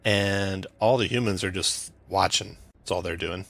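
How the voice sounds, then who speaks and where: A man narrating as game master of a tabletop game, describing scenes briskly with frequent fillers. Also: deep voice, vocal fry, a bit bright.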